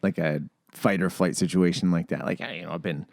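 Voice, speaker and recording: A woman co-hosting a podcast in casual chat, cracking deadpan jokes. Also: very deep voice, fairly quick, vocal fry, no room sound. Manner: deadpan jokes, drops into mock voices. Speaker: podcast co-host.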